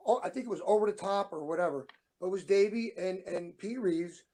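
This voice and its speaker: A man's voice: sits high, a little fast, dark tone. A middle-aged man co-hosting a talk show, telling rambling stories and acting out the dialogue he quotes. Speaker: show co-host, former wrestler. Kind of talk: casual storytelling.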